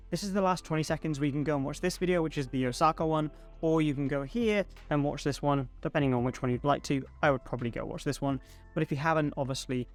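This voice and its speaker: A man talking casually to his camera at home, relaxed and enthusiastic, chatting to his viewers. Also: fairly high pitch. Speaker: photography video creator. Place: indoors at home. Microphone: home studio mic.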